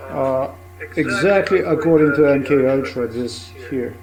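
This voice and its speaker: A man's voice: medium pitch, measured pace, gravelly, darkish tone, rough recording. A man, an English speaker, complaining in an aggrieved, repetitive way in a played-back recording.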